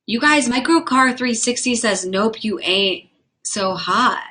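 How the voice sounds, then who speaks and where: Her voice sits on the high side, animated, pushed, and bright. This young livestream host and comedian talks fast and frankly with her viewers, reacting to the chat with plenty of profanity.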